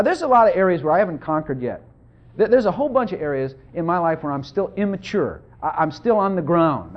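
Folksy middle-aged preacher, high voice, lively delivery, dull recording. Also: male voice. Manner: folksy, animated, asks the congregation questions. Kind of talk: informal sermon. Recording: dull lo-fi sound.

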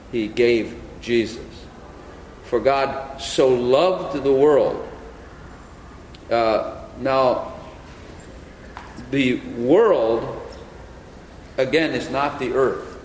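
A man teaching the Bible in sermon style, slowly explaining and repeating key phrases. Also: medium pitch. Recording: echoey hall, faint noise.

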